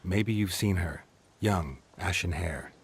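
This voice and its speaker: A gruff male monster hunter from a video game with a very deep, heavily gravelly voice. He speaks in short, blunt lines. His delivery stays flat and clipped. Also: slow, no room sound, heavily acted. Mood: terse. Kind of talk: video game cutscene acting.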